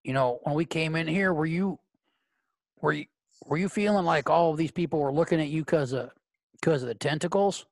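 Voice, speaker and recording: A woman's voice: low-pitched, a little fast, darkish tone, dry recording. A woman voicing an eager, protective young man on a date in a tabletop game, blunt and earnest.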